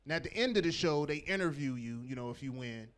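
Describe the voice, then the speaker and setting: A man doing a loud, profane stand-up set on a comedy club stage, working the crowd. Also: on the high side, quick pace, clear, resonant tone. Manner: loud, animated, profane storytelling with crowd work.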